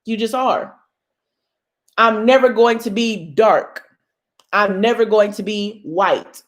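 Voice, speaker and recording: A woman's voice: medium pitch, slow. A young woman hosting a casual motivational talk to her viewers, emphatic and bold like a preacher. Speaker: host.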